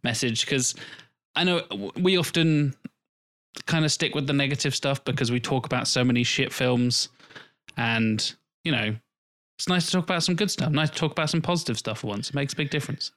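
A man's voice: mid-range voice, brisk, a bit bright. A man from England hosting a casual film podcast, joking and laughing often. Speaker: podcast host.

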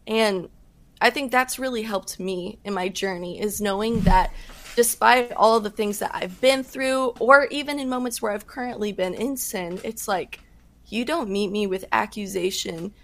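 Earnest woman on a faith podcast talking fast with lots of likes and ums. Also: medium pitch. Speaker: podcast guest. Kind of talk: faith talk, casual testimony.

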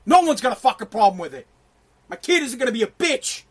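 Brash middle-aged male ranter with a strikingly high voice, profane and emphatic, prone to shouting. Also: big pitch swings, fast, breathy edge. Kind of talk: ranting monologue.

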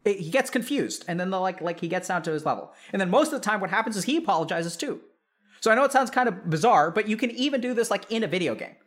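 A man speaks in a notably high voice to a live chat audience. He is a psychiatrist and talks loosely and animatedly. He peppers his talk with "like" and calls his listeners y'all. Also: quick pace. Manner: animated, full of "like" fillers, addresses listeners as y'all.

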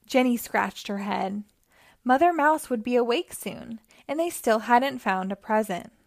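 A woman hosting storytime, reading a children's picture book aloud in a gentle, clear way. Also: on the high side, lively intonation, measured pace, no echo, studio quality. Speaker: storytime host.

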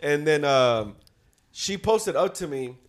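A man's voice: on the high side, lively intonation, slow pace. A teenage man telling a story in casual chat among friends, swearing and laughing as he talks. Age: teens.

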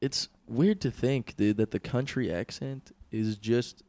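A man co-hosting a casual podcast, musing out loud and swearing between halting phrases. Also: no room sound. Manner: rambling, swearing, lively pitch. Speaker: podcast co-host.

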